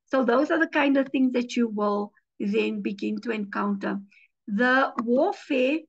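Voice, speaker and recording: Preaching a teaching sermon full of personal stories, a woman pastor tells them in a lively way and slips into the voices of the people she quotes. Her voice is a little high for a woman and creaky, and the audio is muffled and lo-fi.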